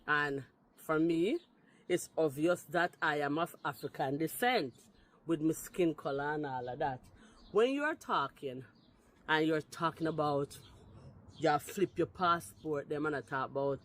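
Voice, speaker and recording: A woman's voice: low voice, measured pace. A woman from Jamaica with a Jamaican accent giving emphatic, argumentative reaction commentary to camera, mixing patois into her speech. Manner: emphatic and argumentative, repeats "you understand?". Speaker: vlogger responding to a video.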